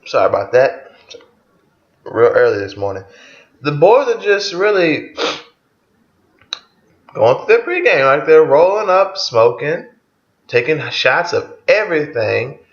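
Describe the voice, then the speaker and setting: A man's voice: on the high side, big pitch swings, measured pace, long pauses. Chuckling man reviewing an album casually. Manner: loose and profane, chuckling often. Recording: roomy, dull lo-fi recording.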